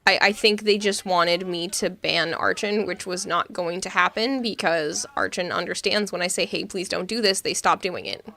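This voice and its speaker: A woman's voice: lowish voice, moderate pace, few pauses, bright, forceful tone. A young adult woman streaming from home on a studio mic, chatting casually and playfully, laughing often and teasing her chat. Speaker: game streamer. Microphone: studio mic with pop filter.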